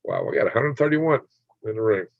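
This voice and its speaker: A man's voice: lowish voice, wildly swooping pitch, fairly quick, gravelly, no echo. A man hosting a late-night livestream, joking, laughing often and reading chat comments aloud. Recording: dry, slightly dull sound.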